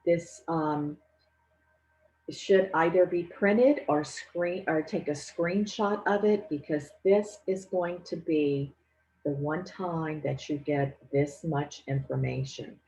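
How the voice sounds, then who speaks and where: A woman giving a financial aid presentation, explaining each step clearly and patiently. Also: deep voice, slow pace, dark tone, low-quality recording. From Louisiana. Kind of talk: instructional presentation.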